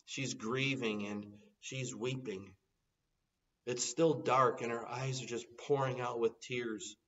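Earnest preacher, heard from some distance. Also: male voice, medium pitch, steady tone, slow pace, fairly bright tone. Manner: earnest preaching, quoting scripture, rising in urgent appeals. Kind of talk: sermon. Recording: dull sound from some distance off.

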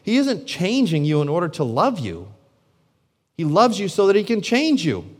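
A man, a pastor, preaching a sermon full of rhetorical questions, his voice swinging from loud and emphatic to hushed and low. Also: huge pitch swings, normal speed. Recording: long reverb of a large hall.

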